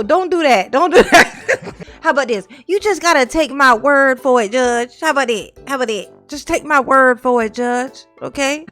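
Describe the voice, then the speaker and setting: A woman's voice: on the high side, fairly bright tone. A woman host giving casual, sarcastic commentary as she reads a letter aloud, laughing often and firing off rhetorical questions. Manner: mocking, laughs often, reads lines aloud then reacts; colloquial and chatty, asks rhetorical questions. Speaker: channel host reading and reacting to a letter.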